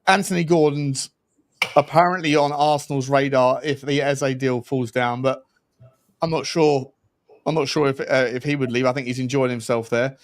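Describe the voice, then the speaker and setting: A man's voice: medium pitch, fairly even intonation, normal speed. A man co-hosting a football podcast in casual, laddish chat, often calling his co-host "mate". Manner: chatty, laddish, lots of "mate".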